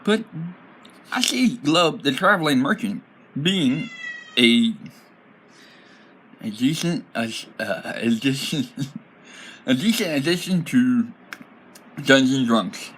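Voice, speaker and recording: A man casually explaining his tabletop role-playing character, rambling and animated and laughing often. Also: medium pitch, slow, pauses often, slight background noise, rough recording.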